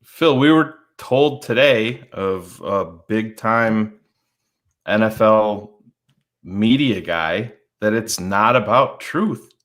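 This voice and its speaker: A man's voice: lowish voice, animated, slow pace, fairly bright tone. A man co-hosting a sports podcast in casual talk, blunt and swearing freely, often acting out what other people said. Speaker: podcast co-host.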